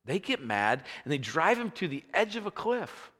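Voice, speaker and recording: A man preaching a sermon, telling a Bible story in a conversational, animated way. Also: on the high side, normal speed, long reverb tail. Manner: animated storytelling, acting out scenes with rising energy. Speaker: pastor.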